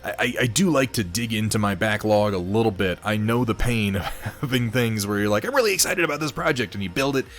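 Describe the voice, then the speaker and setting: A slightly hoarse man hosting a casual hobby livestream, reading viewer posts and chatting with mild swearing. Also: fairly low pitch, fairly quick, faint music behind. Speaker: host of a miniature painting stream.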